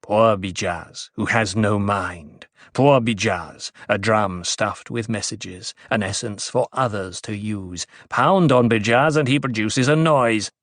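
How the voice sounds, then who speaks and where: A man's voice: slow, hardly any pauses, fairly bright tone, no echo, studio quality. A man voicing a spiteful, scheming male dwarf with a whining voice and taunting chortles, read as an audiobook character. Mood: mock-pitiful. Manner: chortling, taunting, sudden high squeals.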